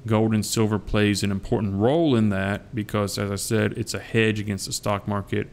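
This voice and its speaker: Gravelly Southern-accented middle-aged man. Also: on the low side, fairly even intonation, a little mellow. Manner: joking, drawn-out, addresses viewers as guys. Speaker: coin collecting vlogger. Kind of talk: casual rambling chat.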